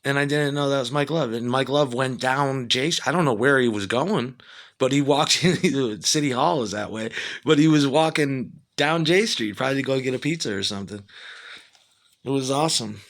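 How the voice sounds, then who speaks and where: A man, a musician, telling a rambling, profane story in a casual monologue and getting excitable as he retells it. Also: mid-range voice, moderate pace.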